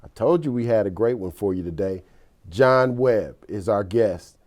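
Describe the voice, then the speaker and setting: A man's voice: fairly low pitch, expressive, normal speed, a little mellow. A man hosting an interview show, prompting his guest with short friendly interjections. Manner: friendly interjections, frequent "right". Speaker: talk show host.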